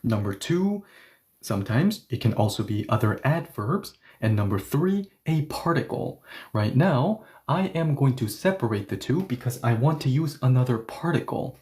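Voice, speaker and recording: A man's voice: medium pitch, big pitch swings, normal speed, a little mellow. Man teaching grammar step by step. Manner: explains step by step, asking questions and answering them himself. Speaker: Korean language teacher. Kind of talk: grammar lesson.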